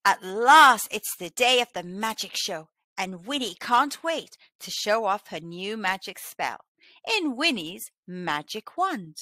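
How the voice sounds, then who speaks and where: A woman telling a children's story aloud, with a sing-song, expressive delivery, in a slightly muffled, dry recording. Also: medium pitch, slow, no echo. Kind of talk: children's read-aloud narration.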